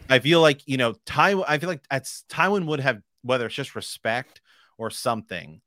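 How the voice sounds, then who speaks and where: A man's voice: medium pitch, animated, moderate pace, sharp tone, no echo, studio quality. A man co-hosting a casual book discussion podcast, rambling and often restarting his sentences. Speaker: podcast co-host.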